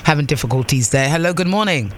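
A woman's voice: low voice, animated, quick pace, background noise. A woman hosting a call-in radio show, chatty and loose, with many fillers and restarts. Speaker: radio talk show host.

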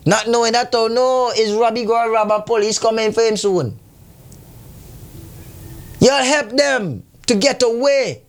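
Man, very high voice, preachy and scolding, asks rhetorical questions. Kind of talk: impassioned community commentary.

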